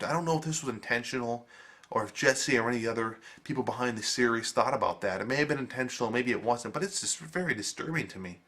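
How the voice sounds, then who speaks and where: A man giving a casual video review, animated and emphatic, swearing freely. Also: mid-range voice, breathy edge.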